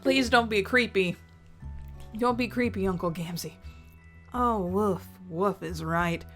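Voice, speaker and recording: A woman reading a story aloud and reacting to it in a chatty, expressive way. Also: medium pitch, takes it slowly, faint music behind. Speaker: reader reacting to fan fiction.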